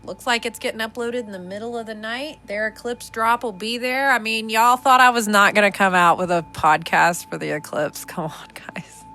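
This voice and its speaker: A young adult woman hosting a casual podcast, sassy and animated, laughing often. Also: fairly high pitch, normal speed, faint music behind. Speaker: podcast host.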